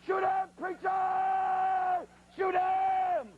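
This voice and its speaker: A man voicing an excited hunting companion who urges the shooter on, insistent and high-pitched. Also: very fast, slightly rough, narrow, tinny audio, some chatter behind, exaggerated voice. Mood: shouting. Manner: urgent, insistent.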